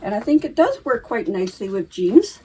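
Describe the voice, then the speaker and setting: A woman's voice: medium pitch, big pitch swings, normal speed, mellow, slight background noise. A middle-aged woman hosting a knitting video, chatting casually to camera and laughing easily as she talks. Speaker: knitting podcast host.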